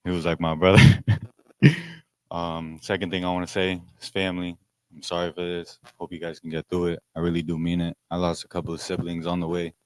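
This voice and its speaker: Deep-voiced man, loud and casual. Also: completely flat delivery, brisk, clean tone, no room sound. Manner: loud, warm, casual, laughing between lines. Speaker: friend giving a memorial tribute. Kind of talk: memorial speech.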